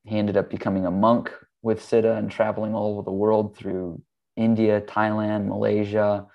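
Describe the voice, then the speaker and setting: Male guest, low-pitched, gravelly, earnest rambling storyteller. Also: little pitch movement, moderate pace, lo-fi sound. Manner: earnest, rambling, frequent ums. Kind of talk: casual storytelling.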